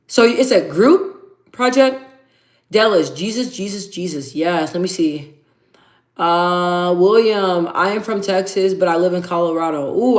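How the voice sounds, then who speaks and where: A woman hosting a casual livestream, talking candidly to viewers, reading their comments aloud and repeating phrases for emphasis. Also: lowish voice. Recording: echoey room.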